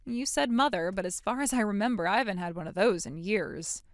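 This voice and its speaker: A woman's voice: medium pitch, fairly quick, no room sound, clean studio sound, close to an everyday voice. An actress voicing a blunt, sarcastic young woman standing up to her mother in a dramatic story. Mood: defiant. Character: defiant, sarcastic young woman cutting ties. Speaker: grown daughter in a voiced story.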